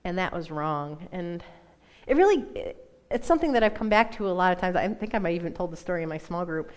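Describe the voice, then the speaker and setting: A woman, around her thirties, giving a personal testimony in a church talk, telling it in a lively, self-mocking way with laughs. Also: fairly low pitch, fast. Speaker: church speaker.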